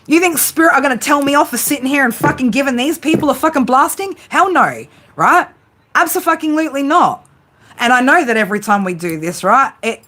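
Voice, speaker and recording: Heated and defiant, this tarot livestream host swears heavily as she rants bluntly to her viewers. She speaks a little high, with a fairly bright tone.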